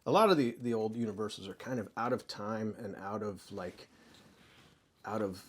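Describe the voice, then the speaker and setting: A man's voice: fairly low pitch, normal speed, slight background noise. A man co-hosting a casual film review chat, enthusiastic and acting out scenes in quoted voices. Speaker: co-host.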